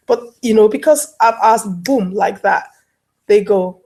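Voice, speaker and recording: A woman life coach appears as a guest in a casual online talk show interview, telling everyday stories and acting out little scenes. Her voice is medium-pitched, a little mellow, at a normal speed.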